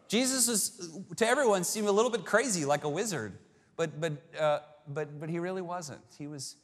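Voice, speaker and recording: A male pastor preaching a sermon, animated storytelling that acts out the voices of characters. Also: fairly high pitch. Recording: long reverb of a large hall.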